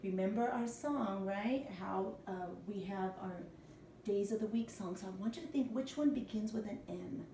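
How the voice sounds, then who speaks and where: Woman teacher, patient, spells letters out for little ones; mellow tone, faint room ambience behind. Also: mid-range voice, normal speed, a little hiss or hum. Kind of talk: recorded classroom lesson for young children. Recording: echoey room, mic at a distance.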